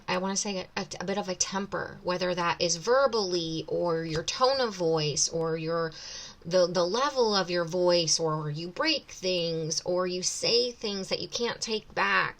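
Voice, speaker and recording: A woman with a slightly low voice gives a tarot reading in her thirties. She talks casually, circling back and rephrasing her words as she thinks aloud, moving from one card's meaning to the next. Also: fairly bright tone, poor audio. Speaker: tarot reader.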